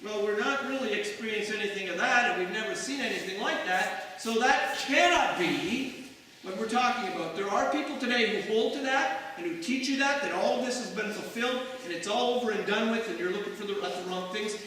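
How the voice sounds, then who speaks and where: A man's voice: high voice, a little fast, bright, forceful tone, a little hiss or hum. A man preaching a sermon as pastor, talking conversationally and throwing rhetorical asides to his congregation. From Canada. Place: church sanctuary. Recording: echoey church hall from far off.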